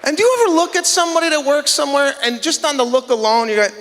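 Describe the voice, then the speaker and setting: A man's voice: very high voice, fast, background noise. A man doing a stand-up set on a theater stage before a live audience, telling indignant, exasperated stories and acting out the dialogue on a handheld mic. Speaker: stand-up comedian. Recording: long theater reverb.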